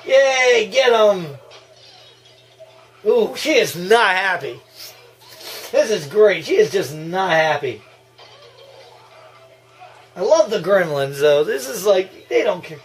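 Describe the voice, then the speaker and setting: A man giving casual, excitable movie reaction commentary, gushing and breaking into laughs and yells. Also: high voice, slow pace, pauses often.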